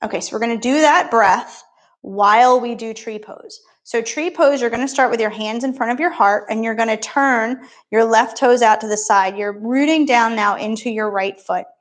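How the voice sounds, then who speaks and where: A woman's voice: on the high side, moderate pace. A woman yoga instructor talking a beginner class through poses and breathing, with encouraging, playful step-by-step cues.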